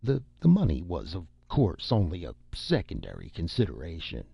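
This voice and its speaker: A man's voice: low-pitched, wildly swooping pitch, normal speed, vocal fry, warm tone, breathy edge, no room sound, exaggerated voice. A man voicing a thoughtful older male scientist in an audiobook, mild and academic. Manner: mild, academic, politely insistent. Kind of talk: scripted audiobook narration. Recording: dull lo-fi recording.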